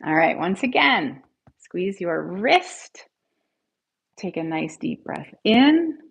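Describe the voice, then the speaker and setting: A woman's voice: fairly low pitch, big pitch swings, slow, creaky, breathy edge, highs cut off. A woman hosting a live guided tapping session, encouraging viewers and calling out their scores, and leading affirmations for listeners to repeat after her. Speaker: tapping coach, livestream host.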